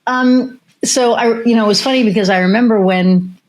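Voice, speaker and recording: A woman's voice: fairly high pitch, normal speed. A woman hosting a podcast, telling stories in a rambling, casual way with lots of fillers and restarts. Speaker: podcast host. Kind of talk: casual interview chat.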